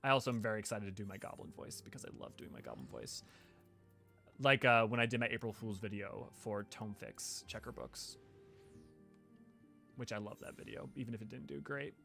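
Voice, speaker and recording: A man's voice: lowish voice, animated, brisk, creaky, fairly bright tone, faint music behind. A man streaming a game, chatting casually with viewers in an enthusiastic, rambling way with frequent restarts. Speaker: game streamer and lore creator. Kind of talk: casual gameplay chat with viewers.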